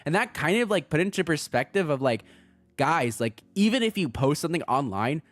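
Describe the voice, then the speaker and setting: A young man chatting casually on a livestream as a VTuber streamer, excitable, laughing often and swearing freely. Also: a little high, brisk, faint music behind.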